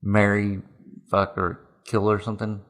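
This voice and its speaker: A young man with a low voice trades blunt, slangy talk as a podcast co-host. He swears freely and calls his partner "dog" and "dude" in relaxed back-and-forth. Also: unhurried. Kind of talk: casual chat.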